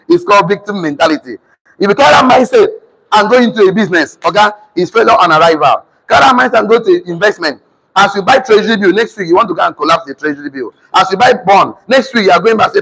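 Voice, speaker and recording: A man's voice: sits high, animated, a little fast, vocal fry, fairly bright tone, breathy edge, long reverb tail, low-quality recording. A man with a Nigerian accent teaching a seminar class, repeating key lines, dictating punctuation aloud and calling for responses from the room.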